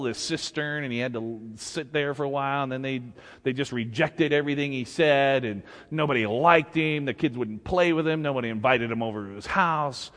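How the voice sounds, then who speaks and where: A man's voice: medium pitch, fairly bright tone, big-room sound. A man preaching a sermon as pastor, conversational and humorous, acting out scripture stories. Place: church sanctuary.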